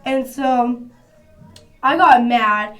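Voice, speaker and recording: Young woman vlogger, high-pitched, casual slangy storyteller, phone mic, soft music behind. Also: very slow. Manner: chatty, slangy, rambling. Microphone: phone camera.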